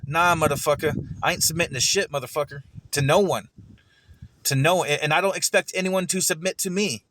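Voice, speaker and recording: A streamer reacts to a recorded debate with heated, profanity-laced commentary, often stammering and repeating words. His voice is fairly high and fairly quick with a fairly bright tone, and there's a slight hiss or hum in the audio.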